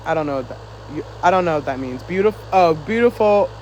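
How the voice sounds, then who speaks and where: A man with a high voice talks loosely to viewers on a phone live stream. He is chatty and a little winded, laughing as he reads their comments. A faint hum of air conditioning sits behind him. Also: animated, fast talker, darkish tone, low-quality recording. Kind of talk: casual live-stream chat reading comments.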